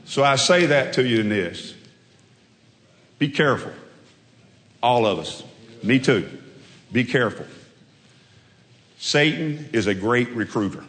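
A man's voice: medium pitch, lively intonation, unhurried, long pauses, fairly bright tone. Folksy preaching man in a big hall. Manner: folksy storytelling, emphatic repetition. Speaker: preacher and football coach. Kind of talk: sermon.

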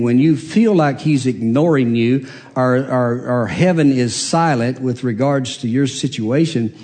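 A man delivers a sermon from the pulpit, moving at an unhurried, deliberate pace. He retells a story and slips into the voices of its characters. His voice rings out with a long reverb tail in a large church hall. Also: mid-range voice, warm tone. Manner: storytelling preacher, acts out quoted voices. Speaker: pastor.

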